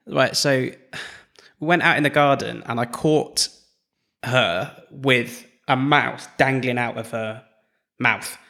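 A man's voice: mid-range voice, takes it slowly, gravelly, sharp tone. A man co-hosting a podcast, telling rambling anecdotes full of "like" and "literally". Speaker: podcast co-host. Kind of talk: casual chat.

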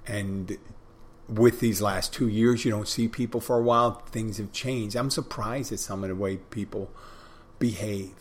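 A middle-aged male podcast host talks on his own in a loose, folksy ramble. His voice sits on the low side, unhurried and conversational. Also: steady tone. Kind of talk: casual solo monologue.

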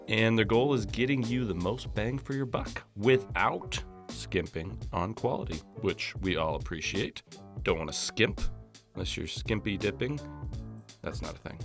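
A man's voice: fairly low pitch, gravelly. A man co-hosting a podcast, reading an ad in a chatty way and poking fun at himself. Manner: chatty, self-mocking. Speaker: podcast co-host. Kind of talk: casual chat and ad read.

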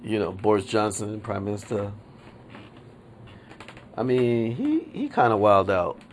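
A man's voice: fairly low pitch, very animated, slight background noise. A man hosting a podcast, giving his opinions in a casual, meandering monologue full of fillers and laid-back slang. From United States. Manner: slow and meandering, many fillers and restarts; laid-back, colloquial speech. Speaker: podcast host.

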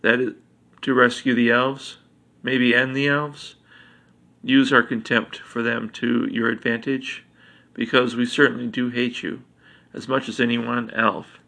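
A man voicing an arrogant boy god, cold and knowing, in a flat, measured delivery. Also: mid-range voice, gravelly. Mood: menacing.

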